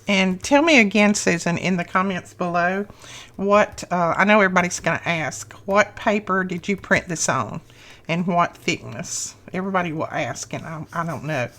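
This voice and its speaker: A middle-aged woman hosting a crafting channel, gushing over happy mail she unboxes in a slow, lingering way. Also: on the low side, a bit bright. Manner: gushing, effusive.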